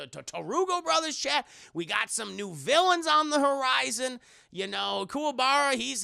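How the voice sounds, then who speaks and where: A man's voice: high-pitched, gravelly, pushed and bright, no echo, studio quality. A young man reviewing an anime, rambling and profane, with lots of restarts as he talks to his chat. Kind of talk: casual recap addressing chat.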